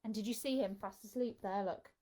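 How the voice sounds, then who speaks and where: A woman children's entertainer reading a picture book aloud in a live storytime, expressive and coaxing the children to join in. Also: mid-range voice, brisk, slight background noise.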